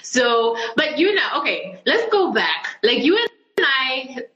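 A woman's voice: sits high, slow. Gushing woman podcast host on a call. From Zambia. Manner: gushing, animated, laughs often. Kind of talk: casual video-call chat. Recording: echoey room, dull lo-fi sound.

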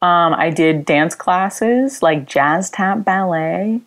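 A woman's voice: lowish voice, slow pace. A woman from upstate New York, a musician, chatting casually as an interview guest, rambling with fillers and frequent giggles. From Rochester, New York.

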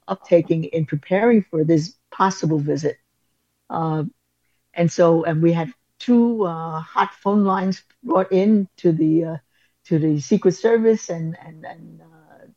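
A woman's voice: fairly low pitch, warm tone, dry recording, muffled recording. Woman principal, lots of uhs and restarts, dry close audio. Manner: halting, many fillers and restarts. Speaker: school principal. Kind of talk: conversational storytelling interview.

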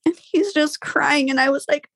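A woman's voice: high-pitched, moderate pace, vocal fry, fairly bright tone, no echo, clean studio sound. A young woman guest telling a personal story in casual conversation, candid, with frequent fillers and sighs.

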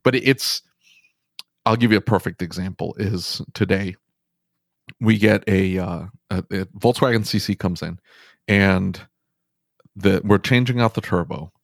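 Male, low register, dry close-mic sound; animated podcast storyteller who restarts often. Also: unhurried, vocal fry, long pauses, no room sound. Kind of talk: casual podcast conversation.

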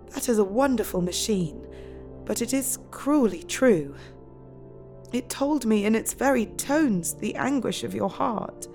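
A woman's voice: fairly high pitch, a little mellow. An actress playing a compassionate, resolute young Victorian wife who narrates her journal and pleads earnestly, in an audio drama. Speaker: narrator and character.

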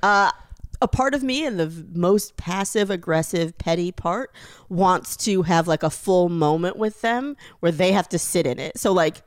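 A woman's voice: lowish voice, moderate pace, no room sound. A woman guesting on a comedy podcast, chatting playfully, laughing often, with mock-dramatic asides. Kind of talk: casual comedic chat.

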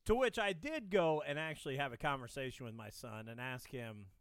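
A man's voice: medium pitch, a little fast, clear, resonant tone, no room sound, clean studio sound. A man co-hosting a casual chat, wry and teasing with his questions. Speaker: podcast co-host, father.

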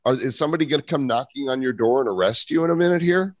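A man's voice: mid-range voice, racing, dry recording, clean studio sound. A man hosting a podcast, questioning his guest in a teasing, playful way. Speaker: podcast host. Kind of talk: casual podcast chat.

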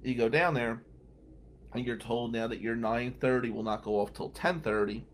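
Speaking at normal speed in a mid-range voice over a noisy background, a man shares courthouse tales as a regular on a radio talk show. He animates his anecdotes by performing the quoted voices.

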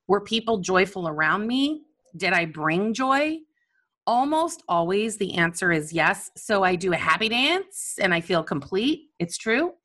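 A woman coach speaking in a candid, animated, self-mocking personal monologue about her own feelings. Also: mid-range voice.

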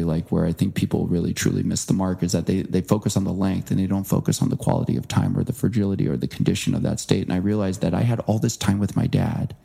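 A man speaking as an interview guest, telling a personal story earnestly and voicing quoted people with lively impressions. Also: low-pitched, gravelly, slightly rough. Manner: earnest, animated impressions when quoting. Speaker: guest author.

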